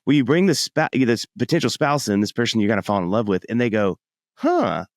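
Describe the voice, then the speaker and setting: A middle-aged man in casual podcast chat, telling stories with a lively, swooping pitch. He slips into little acted voices as he goes. The sound is dry and close. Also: fast talker, no room sound. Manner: animated storyteller, acts out voices in anecdotes. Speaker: podcast guest, musician.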